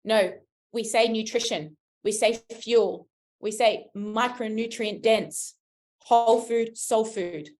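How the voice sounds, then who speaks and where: A woman's voice: on the high side, slow, darkish tone. A young adult woman with an Australian accent, a fitness coach giving an emphatic motivational talk to a live audience and often asking the room questions. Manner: emphatic, asks the room questions, frequent "right?".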